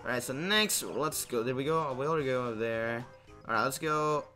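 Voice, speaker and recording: Soft background music accompanies this young let's play host as he chats through a video game. He rambles with lots of fillers and restarts and jokes at his own expense, in a medium-pitched voice that's brisk, pushed and bright.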